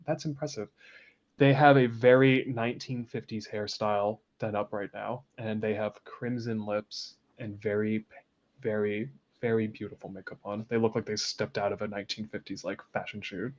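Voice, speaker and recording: A man narrating a tabletop roleplaying game as game master, describing scenes in a lively, chatty way. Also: fairly low pitch, highs cut off. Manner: lively, descriptive, laughs easily.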